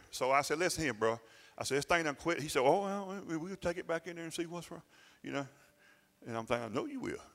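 A pastor telling a personal story in a sermon, folksy and self-mocking, dropping into plain dialect grammar. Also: male voice, mid-range voice, sharp tone. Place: church sanctuary. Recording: church sanctuary with long reverb and faint music.

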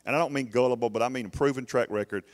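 A man's voice: medium pitch, racing. A middle-aged man preaching a sermon in a church, emphatic and urging, often restarting his words. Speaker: pastor.

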